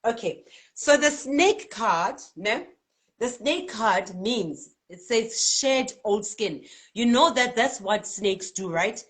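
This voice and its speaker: A South African spiritual healer and card reader hosts a live card-reading stream, reading viewers' comments in a lively, chatty way and laughing often. Her voice is fairly high and she speaks slowly.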